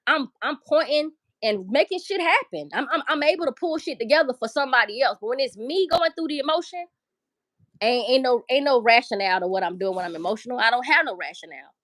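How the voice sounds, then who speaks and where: A woman's voice: high voice, animated, fast talker, fairly bright tone, dry recording. A middle-aged woman hosting a livestream, ranting emotionally and profanely. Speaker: livestream host. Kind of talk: casual livestream commentary.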